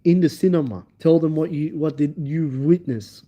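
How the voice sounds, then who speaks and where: Excitable man rambling to livestream viewers. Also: fairly high pitch, moderate pace, lo-fi sound. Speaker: livestream host. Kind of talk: casual storytelling on a livestream.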